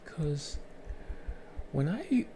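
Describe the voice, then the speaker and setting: A man calmly telling his life story on his own channel, in a soothing, unhurried way with pauses. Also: fairly high pitch, slight background noise. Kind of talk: slow reflective storytelling.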